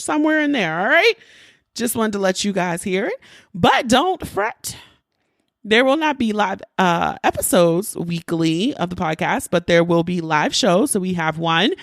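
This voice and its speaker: A woman's voice: on the low side, no echo, studio quality. A woman hosting a podcast in a casual, playful chat, her voice congested from allergies. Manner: lively, chatty, playful. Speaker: podcast host.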